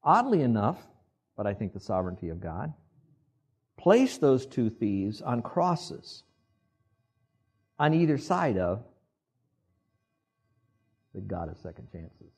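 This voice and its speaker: Older man, husky, preaching, animated delivery with acted quotes. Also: on the low side, slow, pauses often. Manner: animated, acts out quoted voices, asks the congregation to repeat. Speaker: pastor. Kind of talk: sermon.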